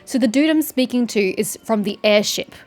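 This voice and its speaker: A woman's voice: on the high side, expressive, normal speed. Sarcastic woman gamer with a sore throat. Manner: sarcastic, chatty, teasing characters. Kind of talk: let's-play commentary. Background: faint game music.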